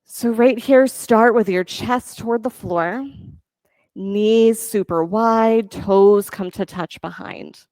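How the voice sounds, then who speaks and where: A woman yoga teacher leading a class, giving calm, encouraging step-by-step cues for breath and poses. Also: mid-range voice, slow pace, dry recording. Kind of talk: guided yoga class instruction.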